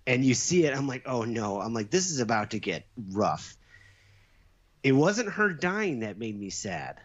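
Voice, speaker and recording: A middle-aged man in a casual chat, an animated storyteller who also answers quickly as a listener. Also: mid-range voice. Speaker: podcast co-host. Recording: slightly dull, lo-fi sound.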